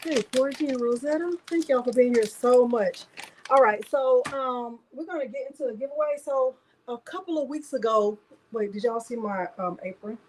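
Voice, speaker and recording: A woman's voice: a little high, moderate pace, a little mellow, a little hiss or hum, low-quality recording. A woman hosting a casual craft livestream, chatting and greeting viewers by name one after another.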